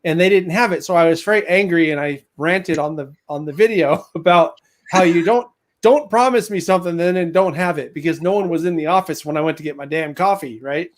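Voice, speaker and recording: A man's voice: fairly high pitch, a little fast. A man chatting casually as a guest on a live stream, laughing often as he tells stories. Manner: chatty, laughs while talking. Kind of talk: casual chat.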